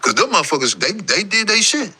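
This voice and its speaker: A man's voice: high-pitched, very animated, brisk, pushed and bright, breathy edge. A man as a guest in a casual interview, telling his story in emphatic street slang.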